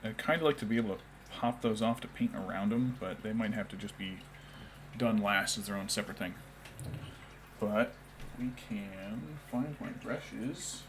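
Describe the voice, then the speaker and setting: A man's voice: lowish voice, moderate pace, a little hiss or hum. A young man chatting casually while painting miniatures on a stream, rambling and now and then talking baby talk to his cat.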